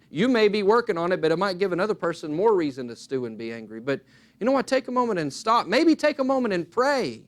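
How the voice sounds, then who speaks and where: In an earnest, emphatic sermon, a man swings his pitch widely and acts out little dialogues along the way.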